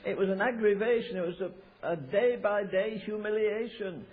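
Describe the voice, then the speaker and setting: High-voiced American preacher on a tinny recording. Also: male voice, moderate pace. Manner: storytelling, emphatic, with frequent restarts. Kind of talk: sermon. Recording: tinny, phone-like low-fidelity recording.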